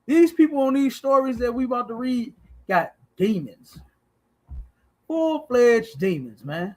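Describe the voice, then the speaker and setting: A man's voice: very high-pitched, very animated, moderate pace, darkish tone. A man hosting a podcast, preaching emphatically with profanity and repeated "you understand?". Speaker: podcast host.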